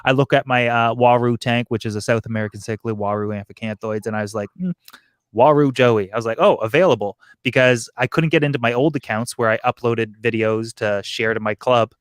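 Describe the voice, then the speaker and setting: A man's voice: medium pitch, a little fast, clear, resonant tone, no room sound, clean studio sound. A man who runs an aquarium channel, talking casually on a live stream with many restarts and fillers. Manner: rambling, restarts sentences, animated. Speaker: aquarium YouTuber.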